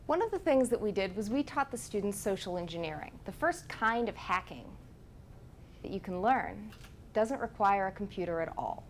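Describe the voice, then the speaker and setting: A woman presenting at a conference workshop, explaining in a lively way. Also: medium pitch, moderate pace, a little hiss or hum. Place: conference room.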